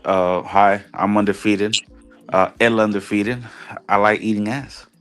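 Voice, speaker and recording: A man's voice: fairly low pitch, steady tone, a little slow, soft background music. A man on a boxing talk panel, blunt and joking, slipping into Spanish curses. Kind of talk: casual chat.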